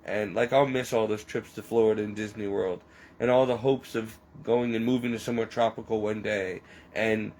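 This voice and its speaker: A man with a gravelly, creaky voice talks through a personal confession. His speech is rambling and halting, often near tears, with a faint hiss of noise behind him. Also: fairly low pitch, fairly even intonation, darkish tone, rough recording.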